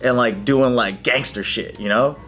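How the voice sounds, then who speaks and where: A man's voice: medium pitch, normal speed, fairly bright tone, faint music behind. A man on a comedy news panel telling a story in casual chat, rambling with many fillers. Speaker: panel commentator.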